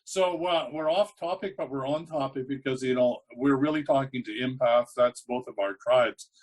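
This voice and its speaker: A man's voice: mid-range voice, moderate pace, low-quality recording. A man hosting a casual interview show, asking long, rambling questions. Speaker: podcast host.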